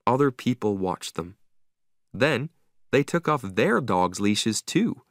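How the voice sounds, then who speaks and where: A man narrating a simplified story for English learners, slow, carefully enunciated and expressive. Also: on the low side, no room sound, studio quality.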